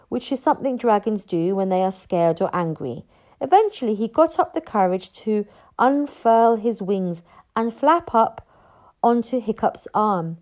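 Expressive woman reading a children's book. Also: mid-range voice. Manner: expressive storyteller. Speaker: narrator reading aloud. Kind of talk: children's read-aloud.

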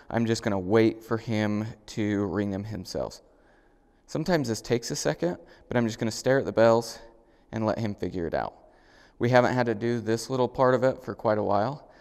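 A middle-aged man, a dog trainer, explaining step by step how to train a dog, now and then praising the dog in a higher voice. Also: creaky, a little mellow. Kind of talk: instructional demonstration. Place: indoors at a home, moving outside. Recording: reverberant room sound.

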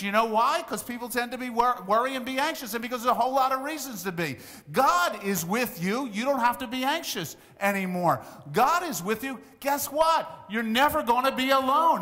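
A man's voice: extremely high pitch, sharp tone. A man in his sixties preaching a sermon as pastor, in a conversational, emphatic way with asides. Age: 60s. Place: church sanctuary. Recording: church hall reverb.

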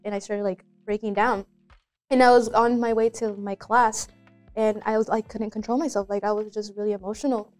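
A woman's voice: mid-range voice, little pitch movement, a little fast, darkish tone, soft background music. Giggly young woman hosting a chat. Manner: giggly, chatty, lots of "like" fillers. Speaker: student show host. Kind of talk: casual interview chat. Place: school.

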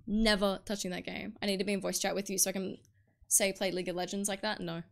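A woman's voice: medium pitch, little pitch movement, quick pace, gravelly. A woman livestreaming a video game, chatting casually and swearing freely as she answers her viewers. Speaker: streamer.

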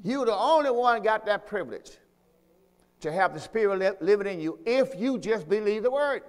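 A man's voice: sits high, animated, normal speed, long reverb tail. A man preaching a sermon as pastor in a church. He teaches emphatically, repeats key points and calls on the congregation to say lines back with him. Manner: call-and-response preaching, asks congregation to repeat; repetitive, emphatic teaching delivery.

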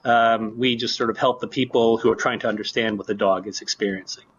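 A man's voice: lowish voice, brisk, breathy edge. Guy explaining his lab work, laid back, lots of uhs, kinda muffled sound. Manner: relaxed, with many fillers. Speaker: researcher. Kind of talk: explaining his research in an interview.

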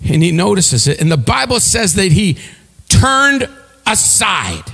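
A male pastor delivering a sermon in a high, animated voice that swings widely in pitch. His tone is bright and ringing, and he stammers through his story before bursting into shouted calls to the congregation. The hall behind him adds a long, trailing reverb. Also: measured pace, vocal fry, husky. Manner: storytelling with repeated restarts, swelling to shouted preaching. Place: church sanctuary.

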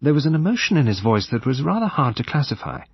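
A man reading a mystery audiobook aloud in an expressive, dramatic way. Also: medium pitch, quick pace, husky, no room sound, dull audio. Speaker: narrator. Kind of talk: audiobook narration.

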